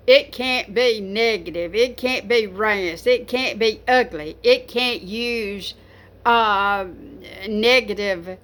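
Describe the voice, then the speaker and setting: A woman with a medium-pitched, slightly bright voice speaks slowly as she talks casually to camera about writing poetry. The poetry vlogger rambles, with many fillers and restarts.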